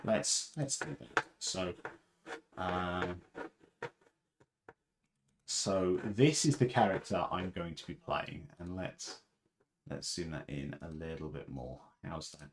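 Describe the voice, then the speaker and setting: A man's voice: sits low, slow, long pauses, slight background noise. A man hosting a casual livestream chat, rambling and chatty with fillers and laughs. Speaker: livestream host.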